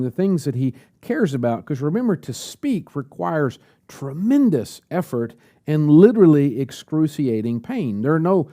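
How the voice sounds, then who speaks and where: Mellow, lively preacher man. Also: mid-range voice. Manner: rhetorical questions to the congregation. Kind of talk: sermon. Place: church service.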